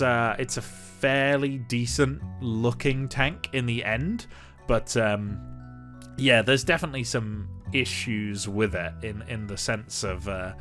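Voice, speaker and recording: Male game-build commentator, casual and rambling, self-deprecating with frequent chuckles, animated pitch; faint guitar bed. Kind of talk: casual commentary over gameplay.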